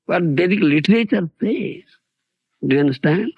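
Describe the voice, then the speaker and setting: A man's voice: sits high, very fast, creaky, no echo. A man giving a sermon as a spiritual teacher, telling stories with laughter and often asking his listeners if they understand. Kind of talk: lecture-style sermon. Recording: lo-fi 1990s lecture tape.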